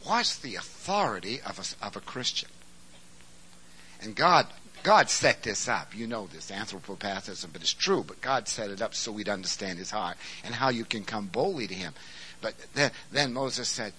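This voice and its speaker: A man preaching a sermon, swinging from quiet explanation to shouted emphasis. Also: mid-range voice, animated, moderate pace, husky, low-quality recording.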